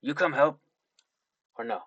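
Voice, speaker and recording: A man's voice: medium pitch, measured pace, breathy edge, dry recording, lo-fi sound, voice pushed up. A man voicing a simple-minded male super mutant who talks in broken, caveman-like grammar. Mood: blunt. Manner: calls out loudly for help.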